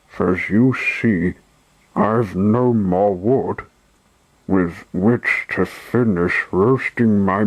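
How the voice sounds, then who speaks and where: A man reading the part of a gruff, harsh puppet showman in a slow, low voice. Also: no room sound, low-quality recording. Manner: harsh, commanding.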